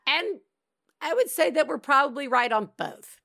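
Woman podcast host, chatty and animated, higher voice, dry close sound. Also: normal speed, gravelly, dry recording. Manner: expressive, laughing, animated reactions to callers. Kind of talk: casual chat.

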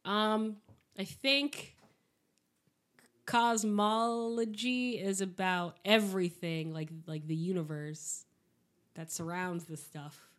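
Sick, husky woman podcaster. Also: mid-range voice, fairly even intonation, slow pace, a bit bright. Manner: hesitant, self-deprecating, rambling. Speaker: podcast co-host. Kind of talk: casual chat.

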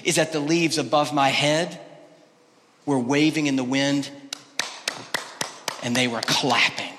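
A male pastor preaching a sermon, swinging between loud, emphatic exclamations and quiet, hushed lines. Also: mid-range voice, fairly even intonation, takes it slowly, long reverb tail, background noise. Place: church sanctuary.

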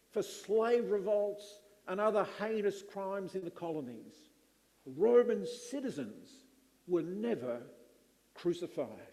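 Middle-aged guy preaching slow with big pauses, highish voice, echoey hall. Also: dark tone. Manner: slow, emphatic delivery with dramatic pauses. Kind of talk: sermon.

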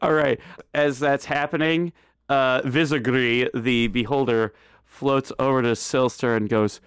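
A man narrating a tabletop game as game master in a relaxed, halting way with many fillers. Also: medium pitch, clean tone, dry recording, studio quality.

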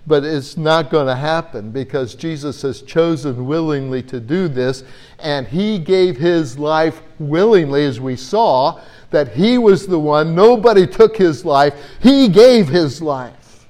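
A man's voice: fairly high pitch, unhurried, a little mellow. A man preaching a Bible-teaching sermon in an earnest way, often repeating words as he gathers his thoughts.

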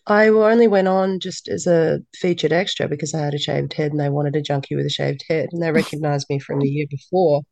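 A woman, a podcast guest telling stories in a lively way and acting out dialogue. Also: low voice, a little fast, creaky, few pauses, no echo. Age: 30s. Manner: lively storyteller who acts out quoted dialogue. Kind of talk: casual interview chat.

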